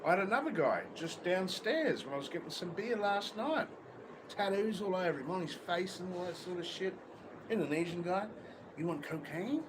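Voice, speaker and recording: A man's voice: sits high, expressive, normal speed. Crude, swearing Australian man outdoors. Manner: crude, blunt, swears constantly. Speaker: livestream host. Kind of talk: casual unfiltered livestream chat. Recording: outdoor street noise with traffic.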